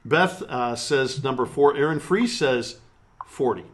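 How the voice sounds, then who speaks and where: A man's voice: mid-range voice, a little slow, fairly bright tone. Playful man co-hosting a live chat. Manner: playful teasing, reads viewer comments aloud. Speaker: co-host of a live stream show. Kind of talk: casual joking live-stream chat.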